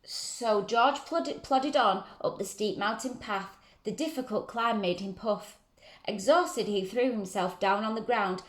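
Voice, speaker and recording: Woman reading a children's story, gentle and encouraging, echoey room. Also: medium pitch, measured pace. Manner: gentle, encouraging questions to listeners. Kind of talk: reading a picture book aloud to children. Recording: roomy echo.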